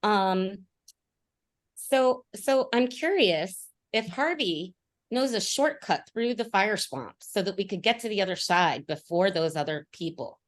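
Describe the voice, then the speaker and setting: A woman's voice: mid-range voice, animated, measured pace. A woman player in a tabletop game over a video call, talking hesitantly with many fillers. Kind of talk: casual tabletop game play.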